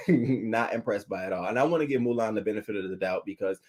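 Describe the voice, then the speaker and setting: A man reviewing a reality show in casual, profane commentary, answering viewers' comments and acting out what he would have said. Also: fast. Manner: animated, profane, talks back to viewers' comments; acts out quoted lines in a higher, louder voice.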